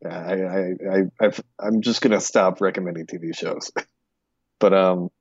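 Teasing low-voiced man, lo-fi mic. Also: fairly even intonation, unhurried, a little mellow, slightly rough, dry recording. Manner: teasing, laid-back, chuckling. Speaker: podcast co-host. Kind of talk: casual podcast chat. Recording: dull dry lo-fi mic.

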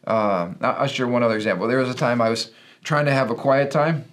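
A man's voice: mid-range voice, fairly quick, a bit bright. Middle-aged preacher guy chatting on a faith podcast, earnest and sermon-like. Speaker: pastor and podcast co-host. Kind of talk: casual Christian podcast talk.

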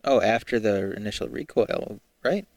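A man's voice: on the low side, normal speed, dry recording. A man co-hosting a podcast, chatting in a laid-back, hesitant, self-deprecating way. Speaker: podcast co-host. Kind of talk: casual chat.

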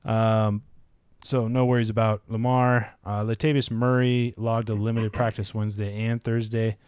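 A man with a low, smooth, clear voice talks through matchups in a steady, measured way. He sounds close to the microphone in a dry, dead room. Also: dry recording. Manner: steady, reads odds and injury news in a measured way. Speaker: fantasy football podcast co-host. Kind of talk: casual podcast chat.

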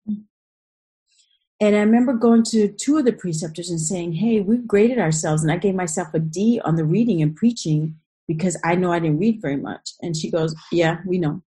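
Husky-voiced woman telling a heartfelt story. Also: on the low side, normal speed, dark tone, rough recording. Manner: earnest, emotional, with restarts and vivid retellings.

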